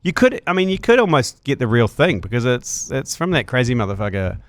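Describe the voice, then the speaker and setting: A man's voice: mid-range voice, sing-song, fairly quick, no echo. A middle-aged man with a New Zealand accent hosting a podcast in crude, casual banter. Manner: laid-back, crude, chatty, frequent "yep". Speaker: podcast host.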